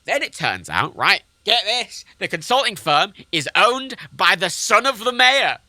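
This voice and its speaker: A man's voice: high-pitched, very animated, a little slow, pushed and bright, no room sound. A man livestreaming a flight game, ranting sarcastically about local politics with lots of swearing. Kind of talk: casual gaming-stream rant.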